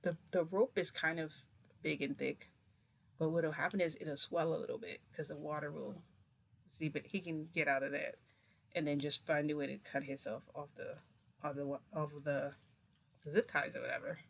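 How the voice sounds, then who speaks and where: A woman's voice: sits low, steady tone, moderate pace, gravelly. A woman vlogger telling a long story in a casual, rambling way, full of fillers and restarts.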